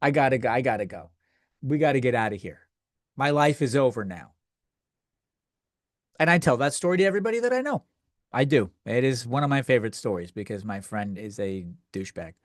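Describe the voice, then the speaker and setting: A man's voice: mid-range voice, animated, brisk, long pauses, dry recording. Profane ranting man, dry close mic. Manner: crude, profane, rambling with many restarts. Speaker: podcast host. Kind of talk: comedic rant.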